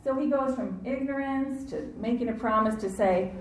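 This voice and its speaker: A woman's voice: on the high side, normal speed. Woman preaching in an echoey room. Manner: animated, acts out quoted voices, asks audience to respond. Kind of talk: sermon.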